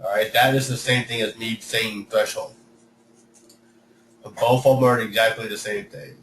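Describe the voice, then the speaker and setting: A man's voice: on the low side, fairly even intonation, moderate pace, long pauses, a bit bright. A man teaching students coding in a live online lesson, talking through each step and correcting himself as he goes. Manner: talks through code step by step, self-correcting. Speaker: coding instructor. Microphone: computer mic, sound reported as poor by students. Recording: echoey room, distant mic, faint hiss.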